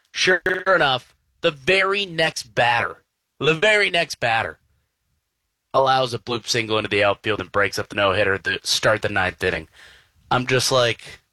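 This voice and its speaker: Sports talk guy ranting about his team, bright forceful voice, dry close sound. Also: mid-range voice, moderate pace, no room sound. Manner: animated, exasperated rants. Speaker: sports radio host.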